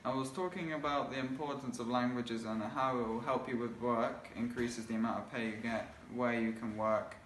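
A man's voice: mid-range voice, fairly even intonation, normal speed, few pauses, a bit bright, a little hiss or hum. Teenage boy, earnest, mid voice, echoey room. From England. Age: teens. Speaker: pupil. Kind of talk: school presentation. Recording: echoey school hall.

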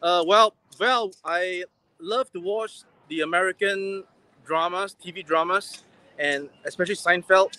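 A man with a Singaporean English accent, hosting a livestream while walking a city street. His voice sits high for a man, and he rambles with fillers and restarts as he talks into a handheld phone. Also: a little slow, sharp tone. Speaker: livestream host. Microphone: phone held on a livestream.

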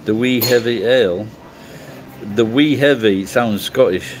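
A man's voice: medium pitch, a little slow, noisy background. A middle-aged man from England chatting casually on a livestream, rambling and swearing bluntly as he answers comments. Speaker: livestream host.

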